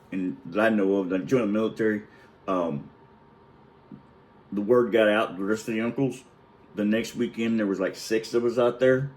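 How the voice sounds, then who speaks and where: A man's voice: fairly low pitch, a little mellow, poor audio. A middle-aged man telling a crude family story in a loose, rambling way, laughing as he goes. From Illinois, United States. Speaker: storyteller, vlogger. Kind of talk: casual storytelling.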